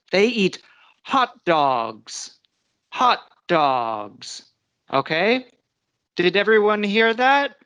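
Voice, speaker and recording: A woman's voice: fairly low pitch, a bit bright. An American woman teaching a live English pronunciation lesson, patiently explaining step by step and checking in with her listeners. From United States.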